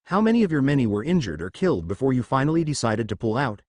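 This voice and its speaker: A man's voice: mid-range voice, very animated, fast talker, darkish tone, no room sound, studio quality. A man reading as a blunt young warrior. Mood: defiant.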